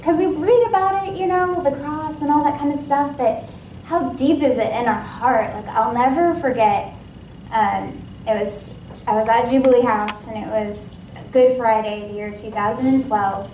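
A woman from Washington State sharing a personal testimony at a ministry meeting, in a casual, lively way with many fillers. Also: on the high side, moderate pace, distant mic, a little hiss or hum. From Washington State, USA. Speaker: guest speaker at a ministry. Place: ministry meeting room with a live audience. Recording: echoey room, voice from off-mic.

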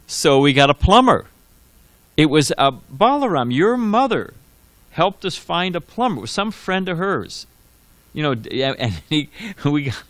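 A man teaching a scripture class, telling stories in a loose, digressive way and often restarting his sentences. His pitch swings widely as he talks, and the recording is close and dry with no room sound. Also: a bit bright, no echo. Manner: conversational, digressive storytelling with restarts. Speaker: monk giving a scripture class. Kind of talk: sermon. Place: temple hall.

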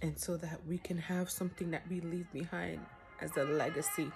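Aunt, low voice, crying through an earnest rambling tribute; music underneath. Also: female voice, steady tone, moderate pace, creaky, darkish tone. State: tearful, crying. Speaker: aunt giving a graduation message. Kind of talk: heartfelt video message.

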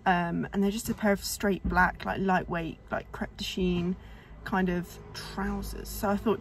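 A woman's voice: on the low side, fairly even intonation, moderate pace, slight background noise. A young woman chatting to camera in a rambling vlog, slightly out of breath. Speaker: vlogger. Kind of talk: casual chat to camera. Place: indoors at home, later in a parked car.

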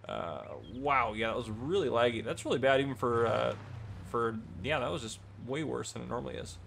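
Male game commentator, relaxed and rambling, gravelly, light background noise. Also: medium pitch, brisk. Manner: easygoing, rambling with many fillers. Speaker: gameplay channel host. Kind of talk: casual gameplay commentary.

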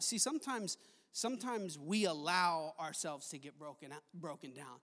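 A man preaching a sermon in a chapel, impassioned, moving between soft stretches and loud ones. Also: fairly high pitch, lively intonation, moderate pace. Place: large chapel hall. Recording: long hall reverb.

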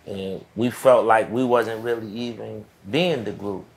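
A man's voice: lowish voice, steady tone, measured pace, vocal fry. A man in his fifties, a podcast guest from the Boston area, telling stories in a laid-back, reflective way with trailing phrases. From United States (Boston area). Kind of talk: casual storytelling.

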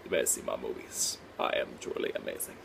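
A man putting on a deep, breathy voice as an older male narrator who is grandly self-important. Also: quick pace, a bit bright, a little hiss or hum, close to an everyday voice. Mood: grandiose. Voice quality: deep, breathy, near whisper.

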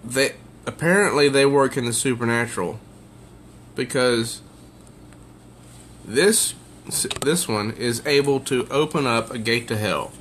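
A man's voice: mid-range voice, unhurried, pauses often, fairly bright tone, slight background noise. A man casually reviewing a comic book, summarizing the pages with evident amusement. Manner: amused, easily tickled by the jokes.

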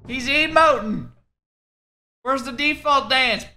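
A man's voice: extremely high pitch, takes it slowly, sharp tone, slight background noise. A tipsy man casually chatting with his wife, swearing and joking while reading memes aloud. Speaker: host. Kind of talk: casual chat reacting to memes.

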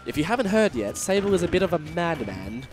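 A man's voice: on the high side, big pitch swings, a little fast, music in the background. A man commentating a live esports match, playful and bantering with his co-caster. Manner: playful, banters and mimics players.

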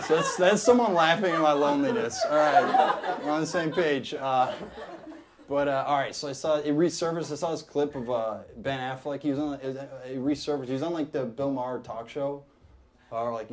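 A man's voice: medium pitch, fairly quick. Rambling male stand-up comic, noisy crowd. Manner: deadpan rambling delivery with many fillers. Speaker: stand-up comedian. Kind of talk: stand-up comedy set. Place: comedy club stage with a laughing audience.

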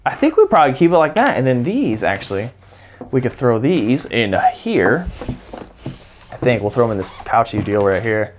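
A woman's voice: rumbling low, very animated, normal speed, darkish tone, slight background noise. A woman casually demonstrating a toy robot at a table, chatting and gushing, cooing at it in baby talk, recorded on a handheld camera. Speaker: toy reviewer. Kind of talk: casual hands-on demo.

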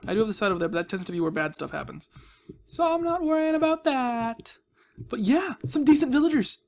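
A man's voice: very high voice, animated, a little fast. A man hosting a casual game commentary, playful and jokey, cooing at the characters he plays with. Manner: playful, talks baby-talk to villagers, jokey asides. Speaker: gaming video host. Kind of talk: casual Minecraft let's-play commentary. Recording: faint background noise.

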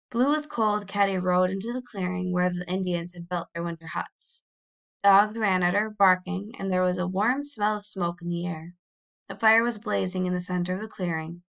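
A woman reading a children's novel aloud in a measured, expressive storybook narration. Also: on the low side, gravelly. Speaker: audiobook reader.

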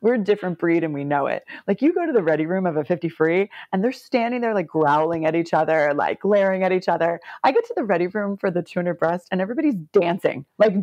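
A woman's voice: on the low side, fast, few pauses, dry recording, dull audio. A woman in her forties from the United States, a former Olympic swimmer, telling stories in a podcast interview, laughing often and acting out what people said. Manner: animated, laughs often, acts out quotes.

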